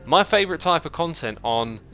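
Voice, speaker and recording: With music playing behind him, a livestream host chats casually in an expressive, somewhat high voice at a slightly fast pace. He thinks aloud while building in a game and reads out viewer messages along the way.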